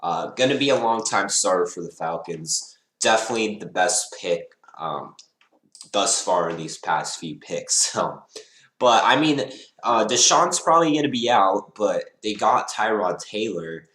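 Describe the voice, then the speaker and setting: A young man giving rambling, excitable live reaction commentary as a fan, laughing and sighing between remarks. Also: lowish voice, a little slow, roomy sound.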